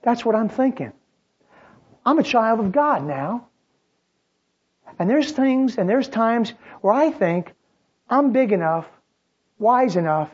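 A preacher delivering a sermon, shifting between loud, dramatic outbursts and quiet, drawn-out phrases. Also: mid-range voice, breathy edge, muffled recording.

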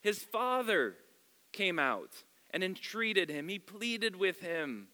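Male pastor, sermon, expressive storytelling, bright forceful tone, long church hall reverb. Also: high-pitched, takes it slowly. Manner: expressive storytelling, shifting loud and soft.

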